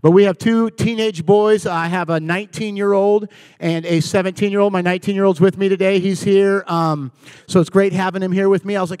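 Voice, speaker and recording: A man in his forties giving a comedic talk to a live church audience, telling animated stories and bantering with the crowd. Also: high-pitched, fairly quick, smooth, no echo. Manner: animated storytelling, acting out dialogue and bantering with the audience. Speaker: guest speaker at church. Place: church service.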